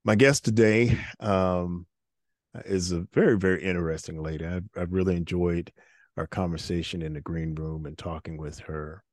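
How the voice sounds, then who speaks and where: A man's voice: low voice, fairly even intonation, moderate pace, darkish tone, no room sound, clean studio sound. A middle-aged man hosting a faith-based interview podcast, talking earnestly and often repeating words as he restarts. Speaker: podcast host.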